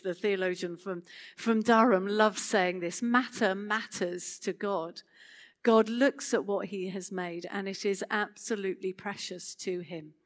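A woman giving a sermon to a gathered audience, talking in an expressive, conversational way. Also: medium pitch. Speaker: speaker.

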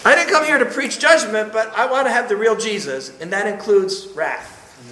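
Man, preacher, sermon, high voice, punchy and emphatic, roomy echo. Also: lively intonation, normal speed, sharp tone. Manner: emphatic, punchy, with joking asides.

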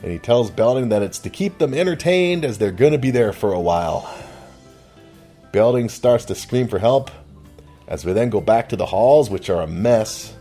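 A man's voice: mid-range voice, animated, normal speed, dark tone, husky, soft background music. A man narrating a TV episode recap casually with chuckling, offhand asides.

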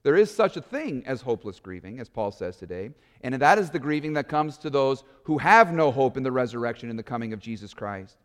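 A man preaching a sermon as pastor, earnest, with dramatic slow pauses and swings between loud emphasis and hushed tones. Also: medium pitch, sing-song, big-room sound. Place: church.

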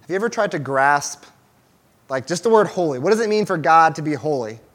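A man's voice: on the high side, lively intonation, fairly quick, fairly bright tone. A young man giving a casual, conversational sermon to a small church group, with restarts and fillers as he talks to the room. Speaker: church teacher.

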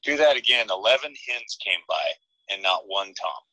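A man with a low, deep voice tells a story as a podcast guest. His tone is very bright and forceful, and the sound is dry and close. He keeps it casual and animated and laughs often. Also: moderate pace, no echo, rough recording.

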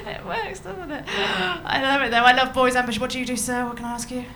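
A woman's voice: high-pitched, fairly even intonation, quick pace, gravelly, crowd noise. A woman doing a stand-up set to a live audience, chatty and bawdy, laughing at her own jokes. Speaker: stand-up comedian. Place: comedy venue with a live audience.

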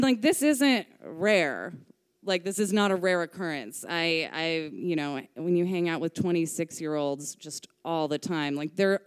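Lady telling a funny story, smooth clear voice, swears a lot, does little voices. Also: medium pitch. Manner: chatty, swearing, acts out quoted voices. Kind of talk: comic personal story told live.

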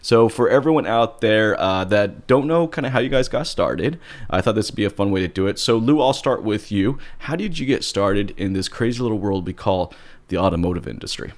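A man's voice: fairly low pitch, animated, fairly quick. A man hosting a podcast, upbeat and joking, chatting casually with guests. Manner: upbeat, laughs often, joking. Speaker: podcast host.

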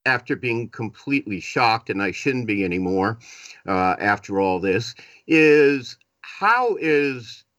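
A man's voice: mid-range voice, big pitch swings, takes it slowly, fairly bright tone, no room sound. A man with a Boston accent hosting a live political talk radio show, chatty and self-deprecating, with frequent "uh" fillers.

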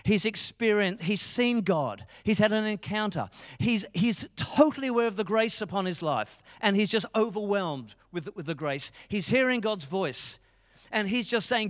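A man's voice: high-pitched, lively intonation, normal speed, a bit bright, in a large hall. A middle-aged man preaching a sermon, passionate and full of told stories. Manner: passionate, storytelling with quoted dialogue. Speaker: pastor.

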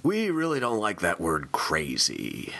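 A man's voice: low voice, huge pitch swings, unhurried, creaky, pushed and bright, exaggerated voice. A man voicing a blunt, easygoing male police officer who talks casually and plainly.

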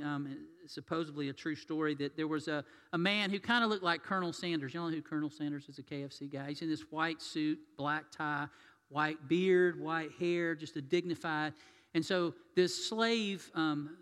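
A man preaching a sermon as pastor, telling stories and swinging between loud and hushed delivery. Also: on the high side. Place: church sanctuary. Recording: long reverb of a church hall.

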